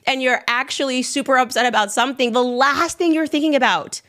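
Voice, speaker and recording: A woman hosting a casual commentary show, talking in a sarcastic, animated way and laughing as she talks. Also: high voice, brisk.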